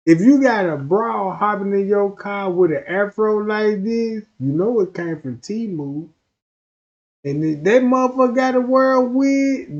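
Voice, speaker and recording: A man's voice: high-pitched, lo-fi sound. A man doing rowdy, profane comedic commentary on a stream.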